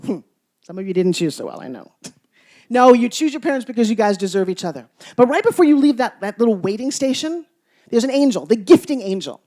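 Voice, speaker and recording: With a slightly high voice, a very animated manner, and a brisk pace, a woman motivates a live audience through storytelling. She teases them playfully and shifts between loud bursts and hushed asides.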